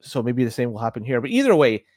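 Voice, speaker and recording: A man co-hosting a podcast, explaining tech security news in a casual, halting way with frequent restarts. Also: medium pitch, sing-song, darkish tone, no echo. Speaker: podcast co-host.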